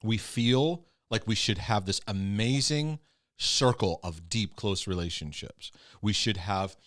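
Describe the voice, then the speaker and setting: A man hosting a podcast, talking casually in quick bursts, often repeating words as he thinks. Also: on the low side, a bit bright, dry recording, clean studio sound. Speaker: podcast host. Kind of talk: casual conversation.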